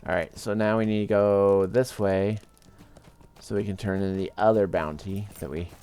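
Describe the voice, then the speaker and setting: A man casually commenting on his own game play as a let's-play host, relaxed and rambling. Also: fairly low pitch, moderate pace, smooth. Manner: relaxed, rambling, with many fillers. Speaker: gaming video host.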